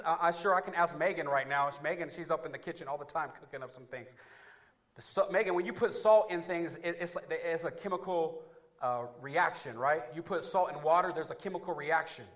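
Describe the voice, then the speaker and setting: High-voiced preaching pastor, man. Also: a little fast. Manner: animated preaching, rising to loud climaxes; calls out to the congregation. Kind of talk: sermon. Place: church.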